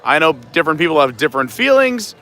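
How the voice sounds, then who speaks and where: A chatty man with a bright, forward voice and a fairly high pitch hosts a live stream while he walks through an outdoor theme park. He jokes with his friends and drops tour-guide asides, talking into a handheld phone. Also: big pitch swings, fast. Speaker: live-stream vlog host. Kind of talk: casual chat while walking.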